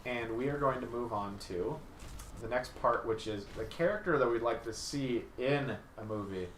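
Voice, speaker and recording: Enthusiastic young male podcast host, bright sharp tone, rambles, distant mic in an echoey room. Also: medium pitch, a little hiss or hum. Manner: enthusiastic, rambling, quick to laugh. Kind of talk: casual podcast chat.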